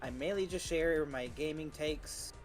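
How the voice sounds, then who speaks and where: A man's voice: on the high side, measured pace, faint music behind. Man cracking dry jokes on a podcast. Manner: joking, dry quips. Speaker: podcast co-host. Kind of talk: casual podcast chat.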